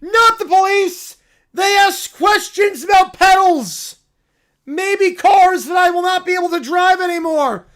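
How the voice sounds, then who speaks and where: A man voicing an excitable little male bear with shrill, wildly enthusiastic proclamations. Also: unhurried. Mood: indignant.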